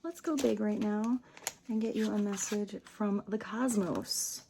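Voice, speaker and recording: A woman giving a casual tarot reading, gentle and chatty, dropping to soft near-whispers on spiritual lines and laughing often. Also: mid-range voice, measured pace, vocal fry, slight background noise. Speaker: tarot reader. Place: home room with small table.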